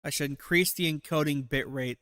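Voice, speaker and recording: A man's voice: on the high side, fairly quick, sharp tone, dry recording, studio quality. Sarcastic crude-talking streamer man. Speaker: livestream host. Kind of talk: casual livestream commentary.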